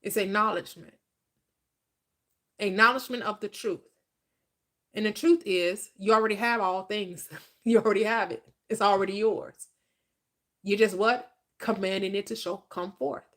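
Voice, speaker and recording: Bright emphatic woman preaching. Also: mid-range voice, fairly even intonation, moderate pace, pauses often. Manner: emphatic, repetitive, call-and-response questions. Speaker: spiritual teacher. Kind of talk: manifestation teaching, preacher-like.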